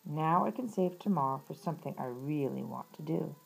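A woman's voice: low voice, animated, fairly quick, vocal fry, husky, full character voice, rough recording. A woman voicing a lazy, grumbling male toad in a children's storybook read-aloud, whiny and fond of putting things off. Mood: earnest.

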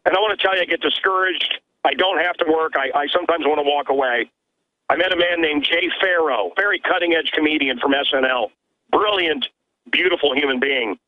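A man's voice: a little high, fairly quick. A man who is a radio host calls in as a guest, talking emphatically from his own studio with stammering restarts. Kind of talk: animated call-in conversation. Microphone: telephone line. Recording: tinny phone line.

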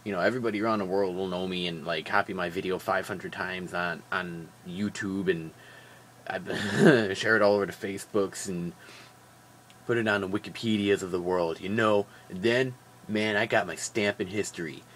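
A man's voice: low voice, normal speed, slight background noise. Tired, jokey guy vlogging. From Wisconsin. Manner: animated, jokey, rambling, with fillers. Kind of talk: casual daily vlog chat.

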